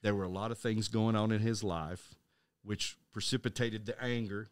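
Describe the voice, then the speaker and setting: A middle-aged man co-hosting a casual Christian podcast, telling a story with halting restarts and acting out the voices of the people in it. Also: on the low side, fairly even intonation, clean tone, no echo. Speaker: podcast co-host.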